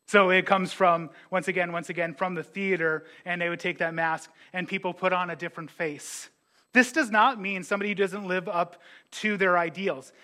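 A man preaching as a pastor, animated, with joking asides and quick impressions of his congregants. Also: sits high. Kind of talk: sermon.

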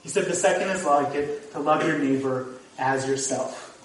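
A pastor with a mid-range voice delivers a sermon at normal speed, his tone steady, earnest, and at times emphatic. Recorded from far off in an echoey church sanctuary, with the congregation audible in the background.

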